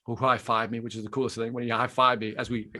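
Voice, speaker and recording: A man telling a story as a guest on a podcast, animated and enthusiastic, in casual conversation. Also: mid-range voice, quick pace. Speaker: podcast guest, sales trainer.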